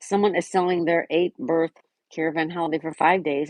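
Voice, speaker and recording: A woman hosting a casual live stream, chatting and answering viewers by name, sometimes dropping to a soft whisper. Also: sits low, steady tone, a little fast, no room sound.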